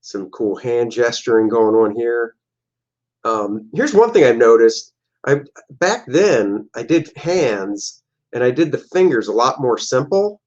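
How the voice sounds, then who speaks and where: A man's voice: mid-range voice, lively intonation, a little slow, a little mellow, highs cut off. A man, a comic artist, casually talking through his own old artwork, joking and making silly sound effects. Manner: jokey, playful, makes silly sound effects.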